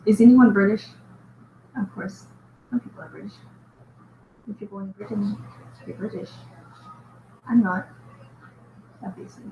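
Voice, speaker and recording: Brief: woman artist host, giggly thinking-aloud chatter, mid pitch, muffled echoey room with hiss. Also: measured pace, pauses often. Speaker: artist hosting a live drawing show. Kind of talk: casual drawing commentary. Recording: dull echoey recording with steady background noise.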